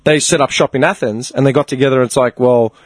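A man, chatting casually and telling a story in an animated, sweary way. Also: mid-range voice, fast, no room sound. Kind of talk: casual chat.

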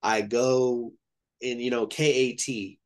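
With a mid-range voice and an unhurried delivery, a thirty-something man from Ohio spins a long, rambling travel story, animatedly performing the voices of the people involved.

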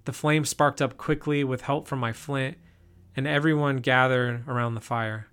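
A young man narrating a first-person camping story in a calm, measured way. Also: mid-range voice, smooth.

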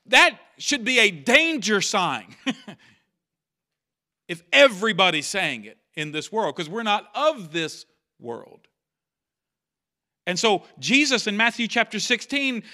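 A man's voice: high-pitched, animated, a little slow, sharp tone. A man preaching a sermon in church, talking conversationally, repeating key phrases and acting out quotes. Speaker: pastor.

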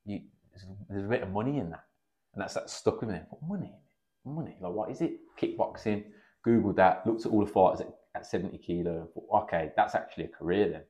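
A man's voice: low-pitched, fast talker, dark tone. A man in his thirties, a podcast guest telling stories in a chatty way, swearing freely and acting out what people said. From England. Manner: chatty, swears freely, acts out quoted dialogue. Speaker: podcast guest, kickboxing coach. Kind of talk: casual podcast storytelling. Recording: slightly dull lo-fi podcast audio.

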